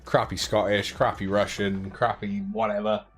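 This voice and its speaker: A man's voice: fairly low pitch, level tone, moderate pace, breathy edge. A young man casually hosting a giveaway live stream, chatting playfully, cracking jokes and counting down. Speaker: giveaway live draw host.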